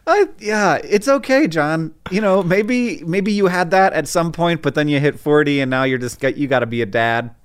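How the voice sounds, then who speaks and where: A man's voice: fairly even intonation, moderate pace, hardly any pauses, clear, resonant tone. A man in his forties co-hosting a podcast, chatting casually and playfully, with comic mock sponsor reads. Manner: playful, jokey, pitch jumping up for emphasis. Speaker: podcast co-host.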